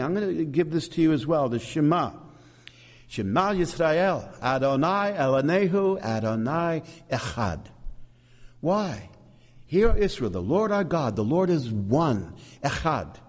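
A man preaching a sermon, animated and emphatic, with asides to the congregation. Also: fairly high pitch, long reverb tail. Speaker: pastor.

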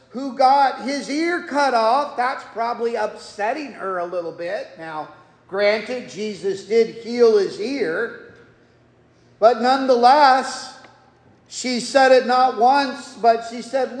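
A man's voice: very high voice, slow pace. A man preaching an expository sermon as a pastor, folksy and conversational with humorous asides. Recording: echoey hall with long reverb.

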